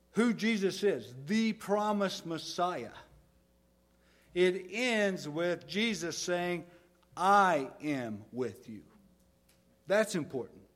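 Slow, deliberate preaching man. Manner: deliberate, swings from soft low phrases to loud emphatic ones. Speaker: pastor. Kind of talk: sermon.

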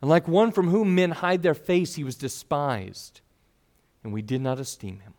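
Expressive preacher, a man with a raised voice. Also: a little high, brisk. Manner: expressive, voices the people in the story. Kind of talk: sermon.

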